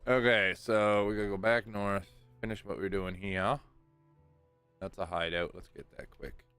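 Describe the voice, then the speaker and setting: A man's voice: fairly low pitch, steady tone, moderate pace, fairly bright tone, clear, resonant tone, dry recording, soft background music. A middle-aged man streaming a game live, talking bluntly and with heavy swearing as he rants at his chat. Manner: profane, blunt, ranting.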